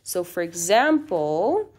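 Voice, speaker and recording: A woman's voice: fairly low pitch, sing-song, slow pace, a little mellow, husky. A woman teaching a recorded grammar lesson, explaining patiently and often checking in with the class. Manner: reads quoted sentences in a lifted, acted-out voice.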